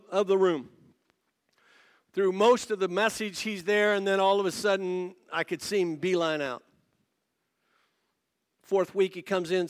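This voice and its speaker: A male pastor preaching a sermon to his church congregation, telling a story with lively asides to the listeners. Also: fairly high pitch. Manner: animated storytelling with quick asides to the audience. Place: church service before a congregation.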